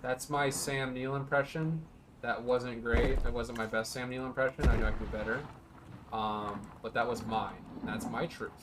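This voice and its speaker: A man at a home setup gives casual gameplay commentary at a medium pitch, joking and rambling as he builds. He pokes fun at himself as he goes. A steady hiss of noise sits under his voice. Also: moderate pace. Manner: joking, rambling and self-mocking. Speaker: let's play host.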